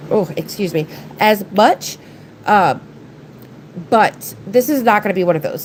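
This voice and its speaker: A woman, audibly congested, rambles to her livestream viewers in easy, conversational bursts. Her pitch sits in an ordinary middle range. Faint room noise hums under the recording. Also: rough recording. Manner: chatty, rambling, talks to viewers and her pets. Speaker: nail art livestreamer. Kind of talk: casual livestream chat while doing nails.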